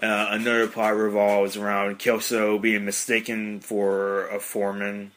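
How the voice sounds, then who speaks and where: A man's voice: lowish voice, monotone, unhurried, a bit bright, a little hiss or hum. A man hosting a casual podcast monologue, rambling with many fillers. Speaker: podcast host.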